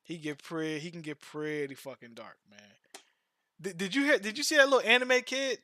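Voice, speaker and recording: A man's voice: high voice, normal speed, bright, forceful tone, a little hiss or hum. A man streaming and chatting casually, telling long slangy stories with repeated false starts. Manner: loose slangy storytelling, repeats words. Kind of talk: casual chat.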